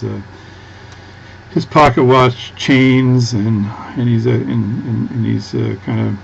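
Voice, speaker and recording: A Canadian man with a Canadian accent chats casually at his workbench while working through a watch repair, rambling and restarting often. His fairly low voice is creaky and darkish, and the dull recording carries a little hiss or hum.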